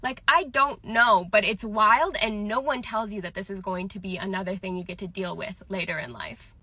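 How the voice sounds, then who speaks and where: A woman's voice: mid-range voice, steady tone, normal speed, sharp tone, no room sound. A young woman telling a casual story about her workplace, chatty and full of "like". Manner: chatty, filler-heavy "like".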